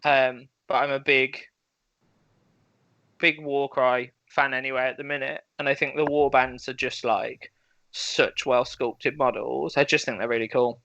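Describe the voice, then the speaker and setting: A man's voice: medium pitch, fairly even intonation, a little slow, creaky, bright, forceful tone, no echo, lo-fi sound. A man chatting casually on a hobby show, enthusiastic and rambling with fillers. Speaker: panelist. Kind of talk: casual chat.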